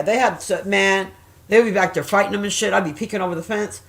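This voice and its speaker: A middle-aged woman chatting casually and telling stories, swearing often and jumping loud when she acts out quoted voices. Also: medium pitch, fast talker, gravelly. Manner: profane, animated, acts out quoted voices loudly. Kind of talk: casual storytelling chat.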